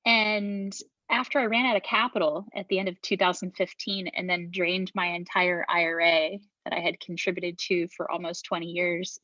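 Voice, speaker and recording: A woman's voice: on the low side, bright, forceful tone, no room sound, muffled recording. A middle-aged woman telling her story as an interview guest, speaking frankly, swearing casually and often restarting her sentences. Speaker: podcast guest, beverage founder.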